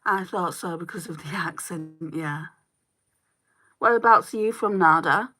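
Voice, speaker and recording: A Lancashire woman in her forties talks viewers through her makeup on a livestream, reading out their comments and answering them. Her voice sits a little low, sounds bright and slightly hoarse, and she speaks at an unhurried pace. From Northwest England. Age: 40s. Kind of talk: live makeup tutorial chat.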